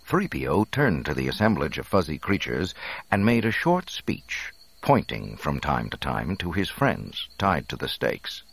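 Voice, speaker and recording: Man, storybook narrator, very deep voice, husky, expressive reading. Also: unhurried, no echo.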